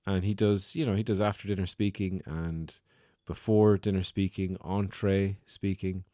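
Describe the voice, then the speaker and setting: Deep-voiced man ranting sardonically. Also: a little mellow, no room sound, clean studio sound. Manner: sardonic, rambling, absurd escalation. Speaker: podcast host. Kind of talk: improvised comic monologue.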